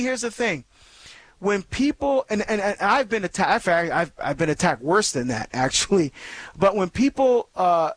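A man's voice: sits high, no echo. A man hosting a Catholic call-in radio show, talking earnestly and conversationally with many fillers and restarts. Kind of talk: faith talk radio monologue.

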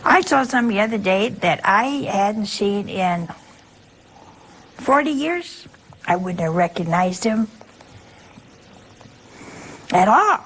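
A woman's voice: mid-range voice, expressive, slow, pauses often, fairly bright tone, slight background noise, poor audio. An older woman, a nun leading her sisters, giving a conversational religious talk and often asking her listeners rhetorical questions. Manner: chatty, keeps checking in with rhetorical questions.

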